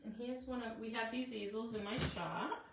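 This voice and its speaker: A woman's voice: on the high side, normal speed. A woman hosting a casual live craft demo from her shop, chatting to viewers and calling them guys. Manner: chatty, addresses viewers as guys, frequent asides. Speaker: craft shop owner and live-stream host. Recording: roomy echo, distant from mic, faint noise.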